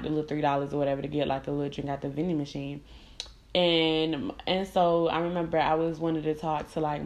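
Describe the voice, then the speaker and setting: A young adult woman hosting her own podcast, telling candid, profane stories in casual chat and acting out the people she quotes. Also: deep voice. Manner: candid, profane, animated storytelling with quoted voices. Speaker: podcast host. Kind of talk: casual storytelling monologue.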